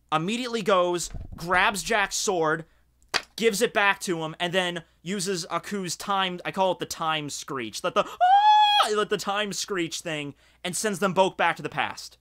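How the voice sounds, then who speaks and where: A man from Scotland giving casual, rambling video commentary, excited and swearing freely, with lots of fillers. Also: sits high, a little hiss or hum. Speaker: video reviewer.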